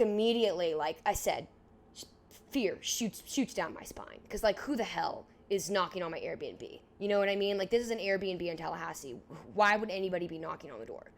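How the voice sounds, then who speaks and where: A young woman in her twenties co-hosting a podcast, telling a story in a casual, animated way, filling it with "like" and acting out what people said. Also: mid-range voice, moderate pace, a little hiss or hum. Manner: animated, heavy use of "like", acts out dialogue. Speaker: podcast co-host.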